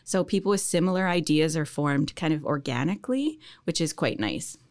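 A woman's voice: sits low, lively intonation, moderate pace, darkish tone. A woman college business instructor, talking enthusiastically in a podcast interview and laughing often.

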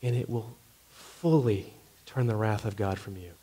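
Male pastor mid-sermon: earnest, emphatic, drops to hushed phrases. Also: on the low side, unhurried, slightly rough.

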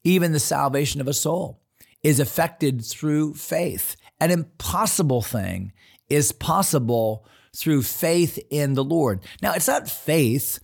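A man pastor giving an earnest devotional sermon, slowing down to stress the scripture he quotes. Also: a little high, expressive, vocal fry, husky.

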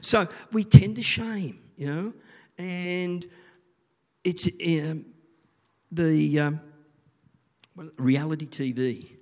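A man's voice: on the high side, extremely slow, long pauses. Chatty man with a long echo. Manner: rambling, chatty, asks the listeners questions. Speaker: children's church leader. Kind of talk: informal sermon. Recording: long reverb of a large room.

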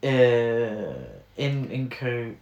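A man's voice: medium pitch, fairly even intonation, extremely slow, dull audio, crowd noise. A man co-hosting a casual film review, ranting in an exasperated way with plenty of fillers. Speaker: podcast co-host. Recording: roomy echo.

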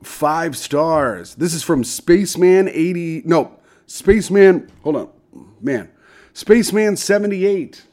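A young man hosts a podcast in casual banter. He jokes loosely and swears freely. His slightly high voice moves up and down a lot. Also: lively intonation, darkish tone. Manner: jokey, loose, swearing, quick laughs. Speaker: podcast co-host.

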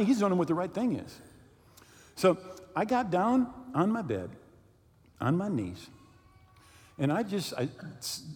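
Lively preaching pastor, man, reverberant hall. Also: fairly high pitch. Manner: storytelling with lively swings, slowing down for scripture reading. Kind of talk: sermon.

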